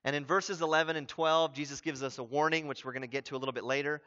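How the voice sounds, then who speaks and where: A man preaching a sermon as a pastor, animated and building to emphatic exclamations. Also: a little high, quick pace, muffled recording.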